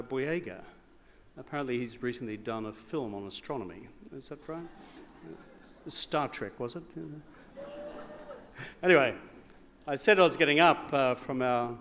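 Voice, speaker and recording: A middle-aged Australian man giving a formal evening speech with joking asides and rhetorical repetition, in a large hall. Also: mid-range voice. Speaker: speaker. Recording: long hall reverb.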